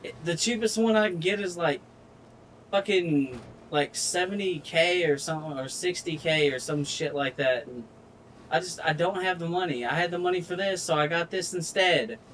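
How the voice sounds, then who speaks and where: A man's voice: a little high, fairly bright tone, a little hiss or hum. A man narrating his own gameplay in casual commentary, frustrated and swearing freely as he talks himself through each step. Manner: frustrated, swears a lot, slow drawl. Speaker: gaming streamer.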